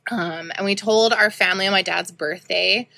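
Woman podcast host, thirties: bright, candid, chatty storyteller, close dry mic. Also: medium pitch, steady tone, normal speed, creaky, no echo. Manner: candid, chatty, frequent ums and likes. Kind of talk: casual personal storytelling.

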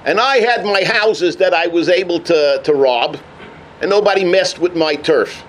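A man giving a sermon as a rabbi, telling a story with animated energy. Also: sits high, moderate pace. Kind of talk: sermon on the weekly portion.

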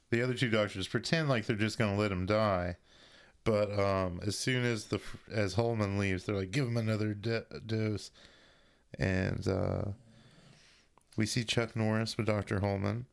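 A man's voice: fairly low pitch, vocal fry. A man recapping a movie in casual podcast chat, full of crude jokes and banter.

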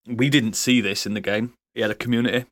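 A man's voice: medium pitch, steady tone, fast talker, fairly bright tone, dry recording, studio quality. A man chatting on a podcast, blunt and jokey. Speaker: podcast co-host. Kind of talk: casual podcast chat.

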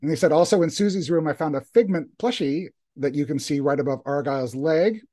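A man co-hosting a podcast, reading listener emails aloud in a relaxed, easygoing way. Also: fairly high pitch, fairly quick. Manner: easygoing, reads emails aloud with light laughs. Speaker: podcast co-host.

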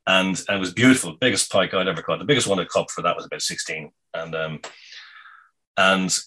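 A man telling a casual anecdote in a meandering, halting way, full of ums and restarts. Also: low-pitched, pushed and bright, breathy edge, low-quality recording. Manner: meandering, halting, many fillers. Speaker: storyteller.

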